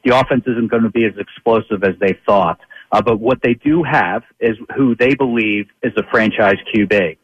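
A man calls in to a sports radio show to break down the game, his voice on the lower side. He talks in a measured way, filling pauses and restarting thoughts. The line is muffled and dull, and the sound is dry. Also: slightly rough, no echo. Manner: measured, many fillers and restarts. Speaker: guest sports reporter. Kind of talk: call-in sports analysis.

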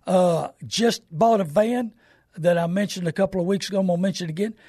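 Folksy older salesman, husky and high. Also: fairly quick, warm tone, no room sound, clean studio sound. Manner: folksy, rambling, salesman's pitch. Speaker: radio show host and car dealer. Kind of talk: casual call-in radio talk with plugs.

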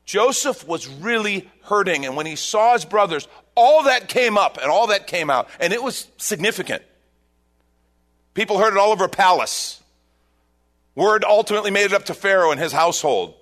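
Man preaching, pretty high voice, swings up and down a lot, acts out the people he quotes. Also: sing-song, normal speed, pushed and bright. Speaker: pastor. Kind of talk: sermon.

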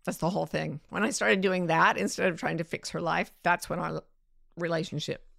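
A middle-aged woman host giving gentle, playful life advice and answering listener questions. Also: lowish voice, fairly even intonation, fairly quick, creaky, no echo, clean studio sound. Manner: gentle, playful, acts out inner voices. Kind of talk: warm advice talk.

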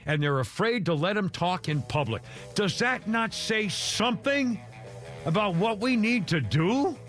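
A man's voice: high voice, animated, a little slow, a bit bright, faint music behind. An older man hosting a talk radio show, rambling and folksy with lots of filler. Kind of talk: casual opinionated talk radio.

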